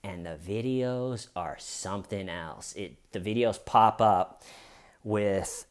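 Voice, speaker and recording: A man's voice: on the low side, takes it slowly. Man, true crime commentator, casual recap, chatty, lots of restarts and asides.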